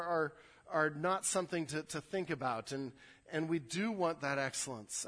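A male pastor preaching with a voice that sits a little high for a man. His delivery is earnest, and he often repeats words while pushing a point forward. A long reverb trails his words through the church hall. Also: a bit bright. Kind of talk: sermon. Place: church sanctuary.

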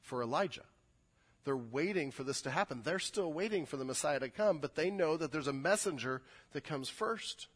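Male pastor, sermon, animated and emphatic, slightly high voice. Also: moderate pace, slightly rough. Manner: animated, building to emphatic peaks.

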